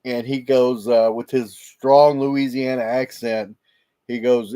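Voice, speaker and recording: A male livestreamer chats casually with viewers through a laptop microphone, rambling and laughing regularly. His mid-range voice is warm, clear, and resonant, steady in tone and slow in pace.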